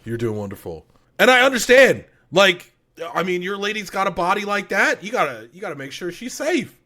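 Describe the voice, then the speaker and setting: Excitable, bright-voiced podcast guy. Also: high voice, fairly quick. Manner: excitable, profane, joking. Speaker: podcast co-host. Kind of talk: casual podcast chat.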